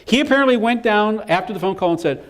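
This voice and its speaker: Animated man telling business stories. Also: high voice, fast. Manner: animated storyteller acting out quotes. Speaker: business speaker. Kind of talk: live seminar presentation.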